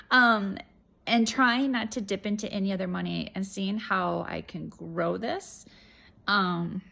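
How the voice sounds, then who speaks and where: A woman's voice: medium pitch, creaky, fairly bright tone. A woman chatting casually in a vlog update, rambling with fillers and restarts, her throat a bit irritated. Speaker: reseller vlogger.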